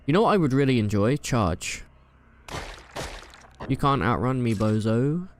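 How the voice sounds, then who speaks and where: A man's voice: mid-range voice, lively intonation, unhurried, slight background noise. A young man giving casual, playful gameplay commentary, joking and trash-talking the enemies he fights. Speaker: gaming YouTuber.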